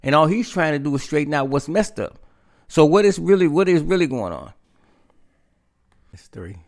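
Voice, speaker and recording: A man's voice: a little high, lively intonation, moderate pace. A man giving a casual political monologue, talking straight to his listeners and calling them "man" again and again. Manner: addresses listeners as "man", repeats himself. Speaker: political commentator.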